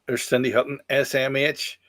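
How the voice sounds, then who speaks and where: A man chatting casually as a podcast co-host, dropping in short dry remarks and quick stories. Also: medium pitch, little pitch movement, a bit bright, no echo. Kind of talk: casual chat.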